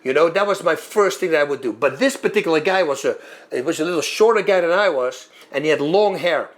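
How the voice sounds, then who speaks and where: A former fighter telling a long story in a lively way, acting out moves and sounds as he goes. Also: a little high, fast talker. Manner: animated, acts out moves and sounds. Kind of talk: storytelling monologue.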